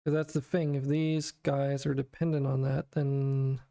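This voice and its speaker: Tired, monotone man muttering through code. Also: mid-range voice, measured pace, creaky. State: exhausted. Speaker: game developer streamer. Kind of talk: thinking aloud while coding.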